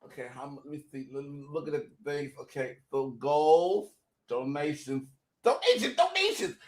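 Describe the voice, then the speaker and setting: A man's voice: fairly high pitch, very animated, normal speed. A man co-hosting a casual livestream, rambling and joking as he roasts his friends. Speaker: co-host.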